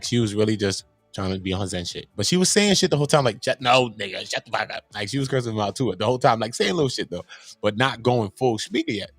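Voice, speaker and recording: A young man, casually telling a story as host, animated and swearing freely in street slang. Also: medium pitch, no echo.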